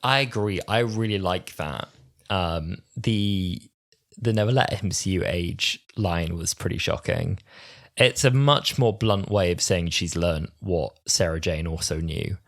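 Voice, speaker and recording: A man's voice: low-pitched, unhurried. A young man in his twenties co-hosting a podcast, talking in a rambling, casual way full of fillers and acted-out quotes. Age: 20s. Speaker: podcast co-host. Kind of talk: casual chat.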